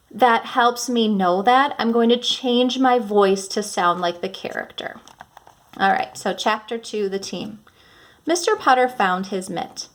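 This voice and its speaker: A woman teacher reading a children's chapter book aloud and explaining predictions and punctuation in a clear, instructive way. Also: fairly high pitch.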